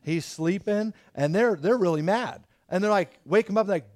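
A middle-aged man preaching a sermon as pastor, telling stories in an animated way. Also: high voice, moderate pace, few pauses. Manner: animated storytelling with acted quotes.

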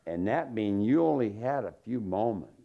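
A man's voice: on the low side, animated, normal speed, creaky. A man preaching a sermon in a folksy, joking storytelling manner. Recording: dull lo-fi sermon recording.

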